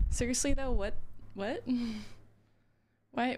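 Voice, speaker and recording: A woman's voice: medium pitch, animated, unhurried, long pauses, a little hiss or hum. A young woman streamer chatting casually with her viewers, giggly and full of "like" fillers. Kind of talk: casual live-stream chat.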